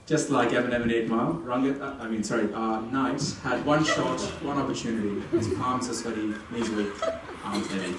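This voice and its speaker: A man's voice: mid-range voice, fairly quick, hardly any pauses. A young man giving a humorous, teasing wedding speech about the couple. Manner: playful, teasing storytelling. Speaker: wedding ceremony speaker. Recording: echoey distant venue sound with ambient noise.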